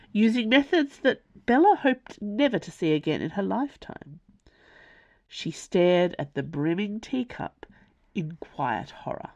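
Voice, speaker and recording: A woman reads her own novel aloud in a wry, expressive storytelling manner. Her voice sits low but swings widely, rising and falling through each sentence. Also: dry recording, lo-fi sound. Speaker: author and narrator. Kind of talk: audiobook narration.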